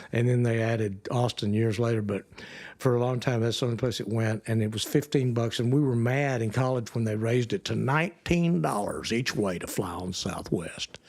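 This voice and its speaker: Older man, guest actor, lively drawling storyteller, mid pitch. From Texas, USA. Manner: animated, drawling storyteller who jumps into high voices for quoted people. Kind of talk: casual storytelling chat.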